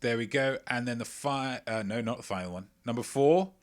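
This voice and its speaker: A man hosting a casual livestream quiz, playful and self-mocking, chatting between loud remarks and mumbled asides. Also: medium pitch, fairly quick. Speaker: quiz show host.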